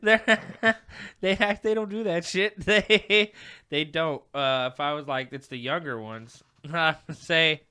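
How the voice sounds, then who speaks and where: A young man hosting a casual podcast, telling profane, animated stories and acting out what people said. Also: on the high side, a little slow, clear, resonant tone. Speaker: podcast host. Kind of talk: casual podcast chat, storytelling.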